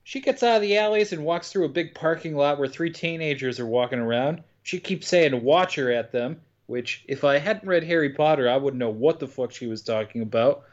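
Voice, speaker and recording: A man's voice: a little high, fairly quick, hardly any pauses. A man from the United States recapping a movie in casual podcast chat, dry and wry, swearing freely. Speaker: podcast co-host. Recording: dull lo-fi podcast audio.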